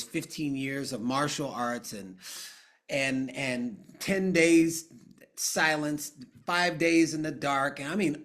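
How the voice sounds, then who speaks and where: A middle-aged man talking casually on a live coaching call, guiding listeners through a quiet exercise. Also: fairly high pitch. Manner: conversational, drifting into hushed guided prompts. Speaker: coach and trainer.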